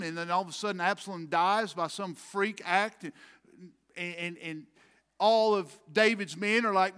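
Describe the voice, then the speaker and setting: A male pastor preaching a sermon emphatically, swinging between loud, forceful lines and hushed ones. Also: high voice, clean tone. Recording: long hall reverb.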